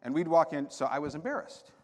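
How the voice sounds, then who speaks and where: A man's voice: on the high side, fast. A man giving a storytelling talk at a conference, acting out voices in his anecdotes. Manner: animated anecdotes with quoted dialogue. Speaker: conference speaker. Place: conference hall. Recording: hall reverb.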